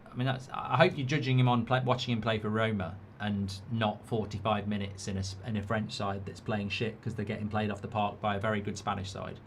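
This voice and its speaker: Blunt, opinionated English football host. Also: male voice, on the low side, brisk, few pauses, a little hiss or hum. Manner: blunt, opinionated, swears casually; animated, reads viewer comments aloud. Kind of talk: live football watchalong commentary.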